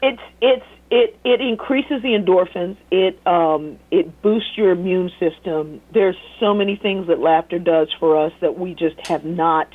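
A woman, a former teacher, telling stories in a lively casual way as an interview guest, laughing often. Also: fairly low pitch, a little slow, hardly any pauses. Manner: animated, laughing storyteller who mimics voices. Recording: tinny phone line.

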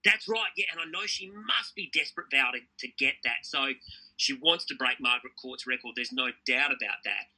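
A man's voice: medium pitch, pushed and bright, husky, poor audio. A middle-aged Australian man, a tennis commentator, chatting as a guest with enthusiastic, stop-start storytelling. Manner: enthusiastic, fast storytelling with repeated restarts. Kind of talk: casual interview chat.

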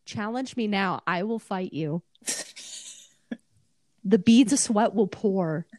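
A woman's voice: medium pitch, slow, darkish tone, no room sound. A young woman in her twenties co-hosting a podcast, telling stories playfully with frequent laughter. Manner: playful, laughing, teasing storyteller. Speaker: podcast co-host. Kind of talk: casual chat.

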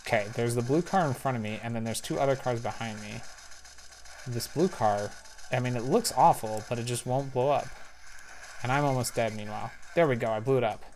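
A man giving casual commentary while playing a spy video game, thinking aloud with little excited outbursts. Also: medium pitch, fairly quick, slight background noise. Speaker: parent. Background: faint game music.

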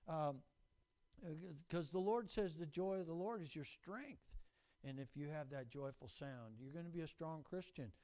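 An older man preaching a sermon as pastor, folksy and animated, acting out quotes and stories. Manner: folksy, animated, acts out quotes in high voices.

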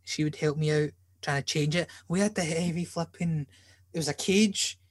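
A man's voice: on the high side, moderate pace, background noise. A man hosting a podcast in casual chat, a joking, rambling storyteller who swears freely. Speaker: podcast host.

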